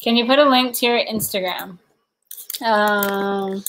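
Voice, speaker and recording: A woman's voice: mid-range voice, unhurried, a bit bright, a little hiss or hum. A woman hosting a home livestream, rambling casually, giggling often and reading viewer comments aloud. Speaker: livestream host.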